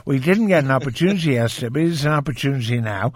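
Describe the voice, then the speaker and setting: Radio host, hesitant and probing. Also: male voice, medium pitch, lively intonation, fast, no room sound, studio quality. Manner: probing, hesitant, with many fillers. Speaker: radio talk show host. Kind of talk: radio talk show.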